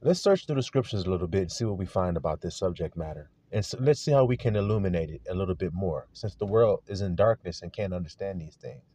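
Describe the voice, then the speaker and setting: A man's voice: low voice, expressive, fast, hardly any pauses, dark tone, husky, no room sound. A man preaching a sermon to his flock, asking pointed rhetorical questions in an earnest manner. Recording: dull lo-fi recording.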